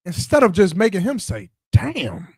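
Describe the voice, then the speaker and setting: A man's voice: sits high, very animated, moderate pace, dry recording, studio quality. A man co-hosting a podcast in casual chat, preaching his point and acting out the voices of the people in his stories. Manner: preachy, acts out quoted voices. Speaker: podcast co-host.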